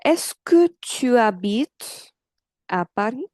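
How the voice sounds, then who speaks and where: A woman with a fairly high voice teaching a beginner French lesson, speaking slowly and patiently. She keeps checking in with "okay" and "yes", and the recording is close and dry, with no room sound. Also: big pitch swings, darkish tone, no echo, low-quality recording. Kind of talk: explaining grammar with examples.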